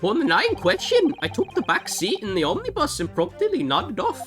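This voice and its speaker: A woman's voice: high-pitched, huge pitch swings, brisk, fairly bright tone, faint music behind, pitched above the performer's own voice, heavily acted. A woman voicing a jovial older Irish man, a witness, in an exaggerated put-on Irish accent with a folksy, theatrical delivery. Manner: folksy brogue, theatrical reading. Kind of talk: game dialogue read aloud.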